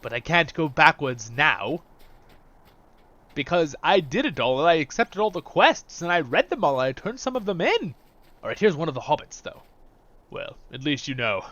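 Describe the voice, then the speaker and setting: A man's voice: a little high, very animated, moderate pace, a bit bright, muffled recording. Chatty man hosting a game playthrough. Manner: chatty, talks straight to viewers. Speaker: host. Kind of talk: let's-play game commentary.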